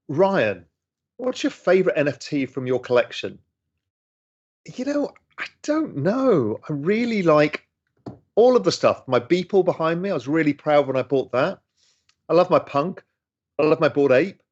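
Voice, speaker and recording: A middle-aged man, chatting enthusiastically as he reads and answers chat questions on a casual livestream. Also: medium pitch. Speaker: host answering audience questions. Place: home room. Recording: slightly dull lo-fi stream audio.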